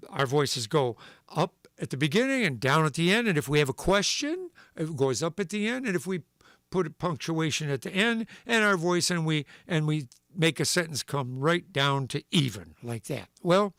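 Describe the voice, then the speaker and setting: Male livestream host, lively storyteller, slightly high voice, dry recording. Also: moderate pace, no echo. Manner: animated storyteller, voicing characters and sound effects. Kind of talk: reading a comic story aloud on a livestream.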